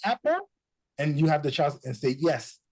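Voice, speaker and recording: A man's voice: on the high side, fairly quick, poor audio. A man, talking casually as a guest and acting out quotes from parents and children. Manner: animated storyteller, acts out quotes. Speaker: guest speaker. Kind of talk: casual chat, code-switching.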